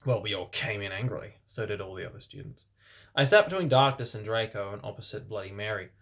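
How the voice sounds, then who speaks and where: A man reading fan fiction aloud for comedy as host, breaking off for deadpan, sarcastic asides. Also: on the low side, fast talker. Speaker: reader and host.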